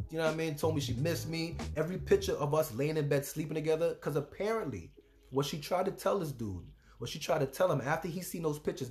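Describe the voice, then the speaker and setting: A man from Trinidad, a travel vlogger, casually telling a story in an animated, profane way, with constant filler checks to the listener. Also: on the high side. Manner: animated, profane, keeps saying "you know what I'm saying".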